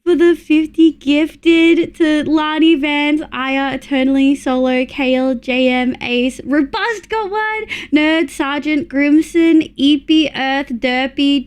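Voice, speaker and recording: A young adult Australian woman streams live, chatting excitably with her viewers, swearing and thanking them in a casual way. Her voice is high-pitched.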